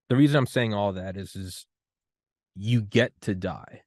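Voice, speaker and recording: A man hosting a podcast, talking in a loose, rambling way that turns loud and higher when he gets worked up. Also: steady tone, a little fast, dry recording, studio quality. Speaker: podcast host. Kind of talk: casual conversation.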